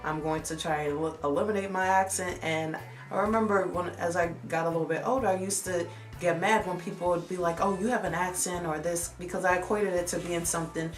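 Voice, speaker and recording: A woman's voice: fairly low pitch, fairly quick, echoey room, faint music behind. A young woman vlogger telling a personal story in a candid, reflective way. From United States. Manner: candid, reflective, animated when retelling.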